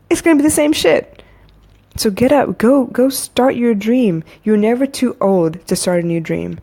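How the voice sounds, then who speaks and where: A woman's voice: mid-range voice, warm tone. A woman podcast host and coach giving a casual motivational monologue, candid and repetitive, building to emphatic urging. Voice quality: soothing. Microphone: phone.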